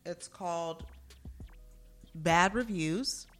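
A woman's voice: on the low side, very slow. A woman co-hosting a casual podcast, blunt and profane, who reads reviews aloud in a dramatic put-on voice. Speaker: podcast co-host.

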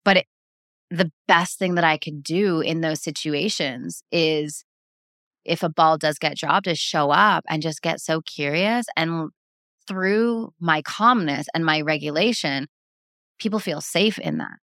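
A woman guest speaking calmly and earnestly in casual interview talk, with many "like" fillers. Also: low-pitched, a little slow, no echo, studio quality. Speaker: breathwork practitioner, guest.

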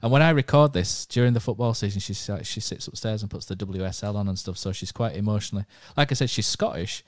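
Casting: a male podcast host, low-pitched and rambling, recorded close and dry. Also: quick pace, hardly any pauses, no echo. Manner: chatty, rambling storyteller. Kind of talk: casual podcast chat.

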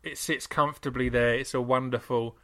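Bright-voiced man, enthusiastic co-host. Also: mid-range voice, fairly even intonation. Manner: enthusiastic, quick asides. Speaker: podcast co-host. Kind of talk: casual chat.

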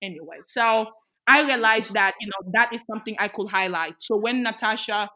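A woman's voice: medium pitch, brisk, pushed and bright. A young adult woman, an activist, talking passionately and emphatically in an interview, with many rhetorical questions. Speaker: interview guest, women's rights activist. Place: Australia.

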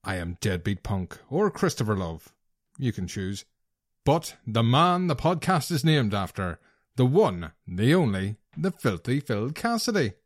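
A man's voice: medium pitch, big pitch swings, unhurried, dry recording, clean studio sound. A man co-hosting a casual podcast, wry and teasing with his co-host. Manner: teasing, wry, banter-heavy. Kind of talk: casual chat.

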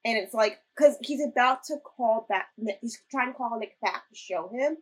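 A young woman co-hosting a casual chat recap of a ghost-hunting show, animated and laughing. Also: on the high side, normal speed, low-quality recording. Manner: animated, laughing, retells scenes in quoted voices. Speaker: podcast co-host.

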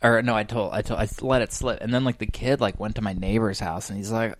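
A man's voice: on the low side, quick pace, vocal fry, few pauses, no echo. A young man co-hosting a casual podcast, telling childhood stories and acting out the people in them. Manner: animated storyteller acting out quoted voices. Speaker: podcast co-host. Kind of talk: casual chat.

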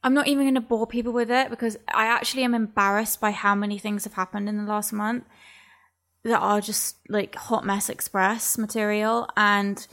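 A woman's voice: medium pitch, level tone, normal speed, fairly bright tone. A woman talking candidly in a casual chat, emotional and rambling, swearing freely as she opens up.

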